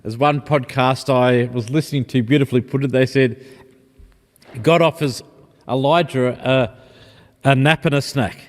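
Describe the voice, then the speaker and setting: A man's voice: medium pitch, fairly even intonation, moderate pace, long pauses. Reflective male preacher in a reverberant church. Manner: reflective, gentle, personal storytelling. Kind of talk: sermon.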